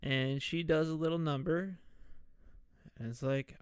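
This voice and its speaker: A man speaking slowly and at an easy pace, walking through a film's plot in a relaxed, conversational way. His voice is smooth and clear, and the recording is dry, with no room sound. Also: a little high, no echo. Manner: slow, loose retelling with quick put-on voices for characters. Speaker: podcast host. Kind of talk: casual movie recap.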